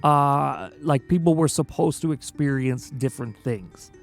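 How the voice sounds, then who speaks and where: A man hosting a casual livestream interview, telling stories in an animated way and laughing often. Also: medium pitch, unhurried, creaky, soft background music. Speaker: interview host.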